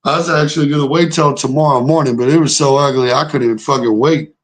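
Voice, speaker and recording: A man's voice: a little high, fairly even intonation, quick pace. Young man, sports streamer, argues hotly with chat, lots of profanity. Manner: heated, profane, argumentative with chat. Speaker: sports show host reacting live. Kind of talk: casual livestream reaction, reading chat.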